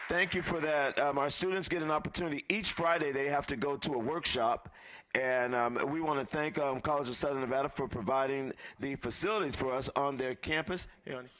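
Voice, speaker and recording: A man's voice: mid-range voice, a little fast, a bit bright, a faint crowd. Man calling guests to the stage. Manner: upbeat, calls guests up one by one. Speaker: event emcee. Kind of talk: live event emcee, calling names. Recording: live event stream.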